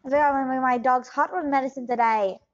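A woman's voice: high-pitched, fairly even intonation, quick pace, lo-fi sound, lightly acted. A woman doing a bumbling fake doctor scammer. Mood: scheming. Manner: rambling, keeps switching accents. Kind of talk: improvised comedy interview.

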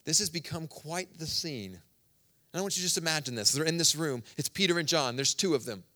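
Conversational male preacher, loud then hushed. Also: a little high, a little fast. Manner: conversational, storytelling preaching with sudden swings between loud and soft. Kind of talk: sermon.

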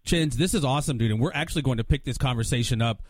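A man's voice: medium pitch, rapid-fire, dry recording, clean studio sound. A male radio host on a live talk show, casual and enthusiastic in his manner. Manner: casual, enthusiastic, calls guests brother and man.

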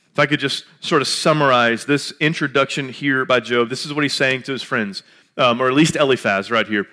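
A man in his late thirties, a pastor, preaching a relaxed, conversational sermon full of jokes and filler words. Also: mid-range voice, a little fast. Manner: chatty and joking, lots of filler words.

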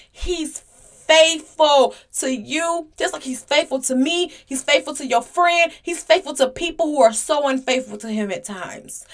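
A woman hosting a Christian podcast, teaching, repeating phrases for emphasis and acting out little dialogues. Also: high voice. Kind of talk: casual preaching monologue.

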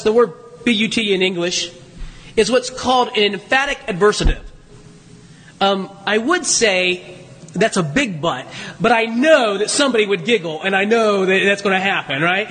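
A man's voice: high voice, fairly bright tone, slightly rough. A man preaching a sermon to his congregation in a church, talking in a conversational way with teasing asides. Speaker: pastor. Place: church sanctuary. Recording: long hall reverb.

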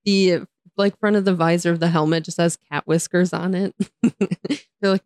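Woman, American accent, young adult, podcast co-host, giggly, jokey, lowish voice, dry mic. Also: steady tone, normal speed, long pauses, a little mellow, no echo. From United States. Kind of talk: casual chat.

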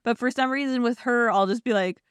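A woman's voice: on the high side, fairly quick, smooth, no echo. A woman co-hosting a casual book discussion, laughing often and acting out quoted lines. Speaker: podcast co-host.

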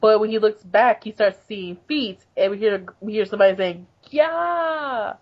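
A woman's voice: medium pitch, flat delivery, a little fast, lo-fi sound. A young woman co-hosting a casual podcast, rambling through a manga recap and laughing often. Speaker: podcast co-host.

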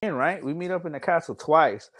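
A man telling loud, animated stories from a game in casual podcast chat, laughing often and swearing freely. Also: on the high side, fairly quick, a little hiss or hum.

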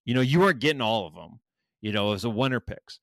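Animated, cussing storyteller guy. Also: mid-range voice, quick pace, no echo, studio quality. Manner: animated storytelling, heavy swearing, acts out quotes. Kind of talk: casual chat.

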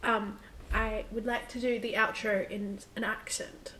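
A woman's voice: on the high side, fairly even intonation, measured pace, a bit bright. A young woman from Australia co-hosting a casual podcast, giggly and scattered, often breaking off mid-sentence. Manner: giggly, scattered, self-interrupting. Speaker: podcast co-host. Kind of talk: casual chat.

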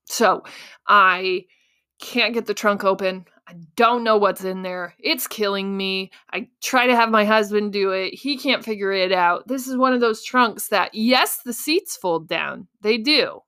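A young adult woman hosting a podcast, telling a story in a casual, animated, self-mocking way and acting out her own panicked thoughts. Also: medium pitch, a little slow, clean tone. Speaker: podcast host.

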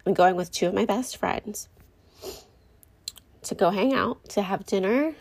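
A woman's voice: mid-range voice, measured pace, creaky, darkish tone, slightly rough. A young woman, a mom, talking candidly and rambling a little to her viewers, often correcting herself mid-sentence. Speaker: mom vlogger. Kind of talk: casual talk to camera.

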